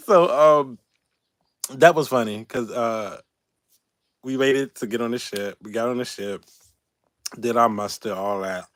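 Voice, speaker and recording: Man, animated storytelling, laughing and cussing, dry close sound. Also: medium pitch, measured pace, pauses often, no echo. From Baltimore, Maryland. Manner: animated, laughing, profane, quoting others in raised voices. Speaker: YouTube channel host. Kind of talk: casual storytelling livestream.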